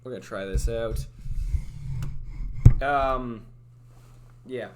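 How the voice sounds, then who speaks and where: Speaking extremely slowly in a mid-range voice over a very noisy recording, a young man chats casually on his livestream. He's a streamer in headphones at a desk mic, and his talk rambles with hesitations, frequent restarts, and fillers.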